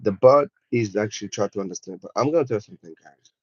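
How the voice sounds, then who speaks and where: A man with a French accent gives a motivational livestream talk, pressing his points emphatically and repeating them. His voice sits low. The sound is dull and dry, like a lo-fi home setup. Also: fast, slightly rough, dry recording. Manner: emphatic, repetitive, addresses viewers as guys. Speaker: livestream host.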